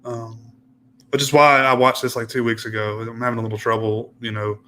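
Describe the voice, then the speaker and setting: A man's voice: medium pitch, little pitch movement, fairly quick, bright, forceful tone, a little hiss or hum. A man co-hosting a casual film discussion podcast, talking hesitantly and often trailing off. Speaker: podcast co-host.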